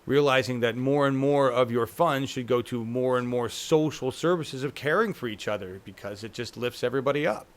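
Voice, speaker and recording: A man's voice: mid-range voice, fairly quick, hardly any pauses. A man hosting a casual political chat show, talking loosely and profanely and often tagging on "right?". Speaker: show host.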